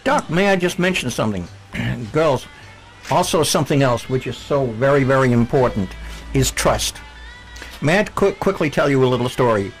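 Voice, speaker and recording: A man, a guest on a video call, earnestly telling a personal story in a gentle way. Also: medium pitch, expressive, normal speed, soft background music, low-quality recording.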